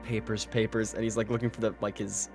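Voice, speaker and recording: A man's voice: lowish voice, level tone, quick pace, creaky, music in the background. A man casually describing his character's actions as a player in a tabletop game.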